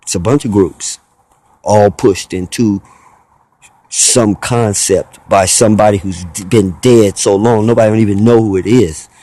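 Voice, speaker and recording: Low, mellow-voiced man ranting. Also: steady tone, unhurried. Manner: rambling, preachy, argumentative. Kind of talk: spoken monologue.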